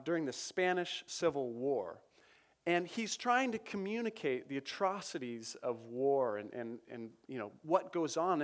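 A man preaching a sermon to his congregation, talking in a conversational, self-correcting and energetic way. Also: on the high side. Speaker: pastor. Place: church.

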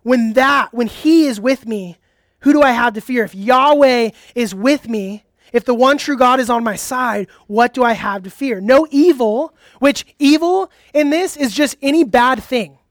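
A young man preaching a youth sermon in a casual, energetic, conversational way. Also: very high-pitched, unhurried, no room sound, studio quality. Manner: conversational, energetic, uses "like" often. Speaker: youth pastor.

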